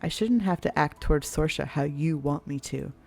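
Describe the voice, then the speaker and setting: Woman reading as a blunt young man, curt, mocking, lowish voice, faint music behind. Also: moderate pace, gravelly, darkish tone. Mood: cold. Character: cold blunt young man, dismissive and distrustful. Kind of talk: voiced reading of a visual novel.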